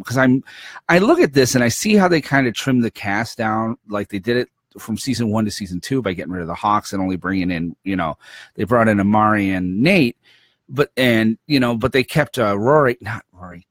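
A man's voice: lowish voice, no room sound, clean studio sound. A man co-hosting a podcast, chatting casually with joking, self-deprecating asides. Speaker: podcast co-host. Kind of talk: casual chat.

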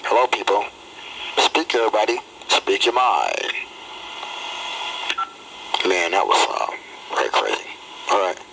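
A man's voice: fairly low pitch, big pitch swings, measured pace, vocal fry, long pauses. A man in his thirties hosting a casual phone chatline show, rambling loosely and repeating himself with stumbles. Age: 30s. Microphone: telephone. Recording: noisy phone line.

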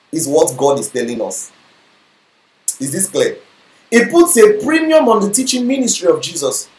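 A man preaching a sermon, often checking in with the congregation with questions like whether they follow him. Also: sits high. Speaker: pastor. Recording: echoey room.

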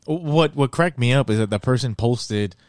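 A man co-hosting a podcast, laid-back and quick to agree in casual chat. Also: mid-range voice, no echo, clean studio sound. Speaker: podcast co-host.

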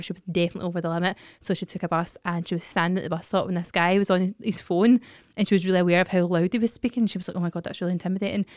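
Lady podcast host, talks quick, laughing thru a story, dry close sound. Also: lowish voice, clean tone, no echo. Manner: animated storyteller, lots of laughing. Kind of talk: casual chat.

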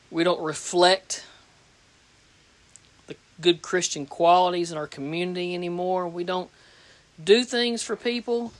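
A preacher giving a plain-spoken, folksy sermon, reading scripture aloud and repeating phrases for emphasis. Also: mid-range voice.

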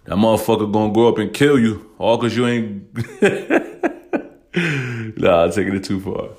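Blunt, profane low-voiced man ranting. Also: fairly even intonation, quick pace, a little mellow. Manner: blunt, profane, emotional, heavy use of "you know what I'm saying". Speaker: podcast host. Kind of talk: casual podcast rant.

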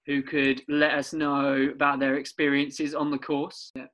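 Casting: male podcast co-host, a bit high-pitched, loose banter. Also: completely flat delivery, a little slow, fairly bright tone, low-quality recording. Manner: laughing, swearing, loose and chatty.

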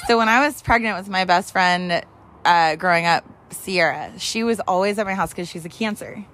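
A woman's voice: on the low side, moderate pace, fairly bright tone. A woman in her twenties swapping stories with a friend in casual podcast chat, swearing freely and laughing often. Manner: profane, laughing storyteller. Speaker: podcast co-host.

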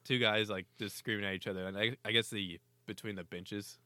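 A man's voice: on the low side, steady tone, fairly quick, bright, forceful tone, clear, resonant tone, no echo. A man co-hosting a hockey chat, telling stories animatedly, laughing and swearing. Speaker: hockey podcast co-host. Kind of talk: casual sports banter.

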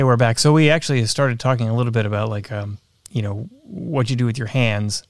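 A man co-hosts a podcast in a relaxed, measured voice with a gravelly edge, often pausing on fillers. The sound is dry and close to the mic. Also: medium pitch, dry recording. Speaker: co-host. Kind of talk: casual podcast chat and ad read.

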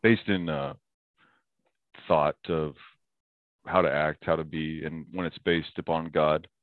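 A man with a very low voice talks earnestly in a relaxed interview, quick to quote a proverb and to laugh. The sound is thin and narrow, like a phone line. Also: no echo. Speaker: podcast guest. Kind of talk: casual interview talk.

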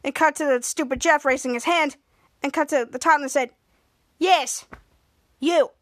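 A woman podcast host walks through a TV episode scene by scene, rambling and restarting as she goes. Her voice is high, and the recording is dry and close with no room echo. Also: steady tone, quick pace. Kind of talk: episode recap narration.

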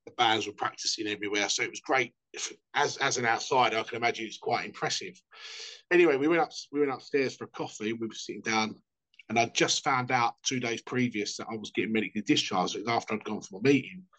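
A man's voice: medium pitch, quick pace, fairly bright tone. A man telling sweary, jokey anecdotes in a casual chat. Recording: dull lo-fi sound.

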